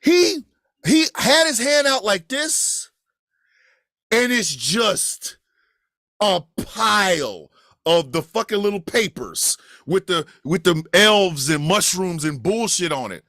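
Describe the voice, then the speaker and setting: Telling a profane, funny story slowly, this high-voiced Kansas City, USA man makes big pitch swings up and down. As a podcast storyteller he forcefully voices each person in a bright tone, sometimes shouting, and the sound is close and dry with barely any room echo.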